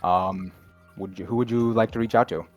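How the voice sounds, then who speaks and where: Male game master, lowish voice, descriptive narration for a tabletop game. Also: steady tone, normal speed, dull audio, soft background music. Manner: descriptive, laughs easily.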